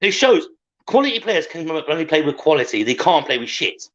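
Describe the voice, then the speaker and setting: Man, guest, casual football chat, animated, blunt, higher pitch, muffled lo-fi audio. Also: fairly quick. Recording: dull lo-fi video call audio.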